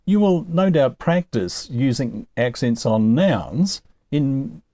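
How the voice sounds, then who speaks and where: Slow, lively-voiced man teaching a lesson. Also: medium pitch, no room sound. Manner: rhetorical questions, gently wry. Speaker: Greek teacher. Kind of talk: recorded lesson, explaining slowly.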